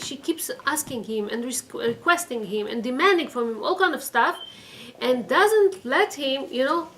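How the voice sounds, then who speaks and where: A woman's voice: high voice, a bit bright, a little hiss or hum, rough recording. A woman teaching a religious class, telling a story and acting out the quoted voices. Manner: acts out quoted voices, repeats phrases for emphasis. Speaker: teacher of a weekly Torah class. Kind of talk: storytelling lesson.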